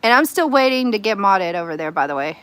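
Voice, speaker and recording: Woman, Southern US accent, livestream chat, lively swooping pitch, bright voice, phone mic. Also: fast talker, clean tone. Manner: animated, squealing in disgust, laughing often. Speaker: livestream host. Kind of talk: casual chat with viewers.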